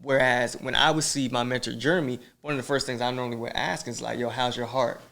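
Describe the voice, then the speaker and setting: This podcast host talks fast in a gravelly, mid-range voice. He's animated and preachy, using lots of slang as he speaks straight to his audience in a motivational, casual chat.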